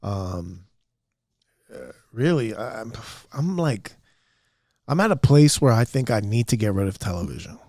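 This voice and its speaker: A man's voice: medium pitch, expressive, unhurried, gravelly, pauses often, darkish tone. A man with a mid-range voice hosts his own podcast from a room at home, talking alone in a loose, candid ramble. He pokes fun at himself and leans on fillers, and the microphone sound is dry and close, with no room echo. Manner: rambling, candid, self-deprecating, with frequent fillers. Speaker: podcast host. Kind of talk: casual solo podcast monologue.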